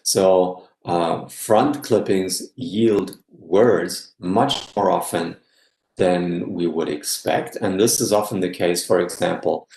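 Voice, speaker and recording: Male guest lecturer, lowish voice, patient explainer, echoey room. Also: slow pace, gravelly, a little mellow, a little hiss or hum. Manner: explanatory, checks in with frequent "yeah?". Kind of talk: academic lecture.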